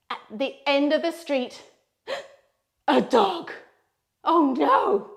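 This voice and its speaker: A woman leading a playful children's yoga session, telling a story with sound effects. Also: a little high. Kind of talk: guided kids' yoga story.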